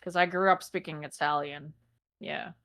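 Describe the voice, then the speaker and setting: A young Canadian woman co-hosting a podcast, chatting casually, blunt and animated, swearing freely. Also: sits low, normal speed. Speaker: podcast co-host.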